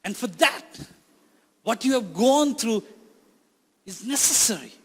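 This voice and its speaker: Man, preacher, high-pitched, emphatic repetition, sermon, reverberant hall. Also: animated, unhurried, husky. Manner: emphatic, repeats phrases for effect.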